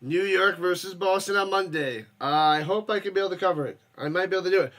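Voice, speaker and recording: Man, fairly high voice, live stream host, casual play-by-play, chatty and jokey, bursts up on big plays. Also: fast, few pauses, fairly bright tone. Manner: loose, jokey, reads chat, bursts up for plays. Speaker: watch party streamer.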